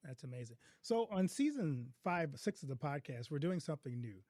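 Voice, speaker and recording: A man's voice: a little high, very animated, fairly quick, darkish tone, dry recording. A man hosting a podcast, asking questions and giving short, encouraging responses. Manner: brief, encouraging reactions. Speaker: podcast host. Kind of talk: podcast interview.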